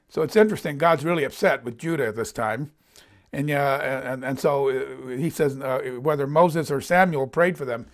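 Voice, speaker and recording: A man's voice: medium pitch, normal speed. A man teaching a sermon, reading scripture aloud and commenting on it, voicing the quoted lines with emphasis. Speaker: Bible teacher. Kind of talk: conversational sermon. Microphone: presenting in front of a board.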